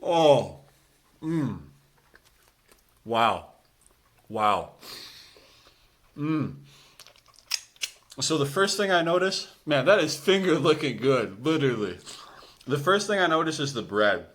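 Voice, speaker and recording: Chatty gym coach, relaxed man. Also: on the high side, normal speed, pauses often. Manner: relaxed and chatty, talks with his mouth full. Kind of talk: casual cooking vlog to students.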